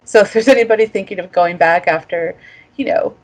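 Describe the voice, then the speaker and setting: A woman from the United States, a former master's student, talking in a casual interview in a reflective way, with fillers and soft laughs. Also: medium pitch, a little fast.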